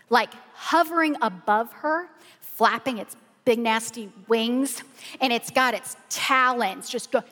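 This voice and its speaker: Animated woman pastor in a hall. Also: fairly high pitch. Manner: animated, colloquial storytelling with "y'all". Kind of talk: storytelling sermon. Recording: long hall reverb.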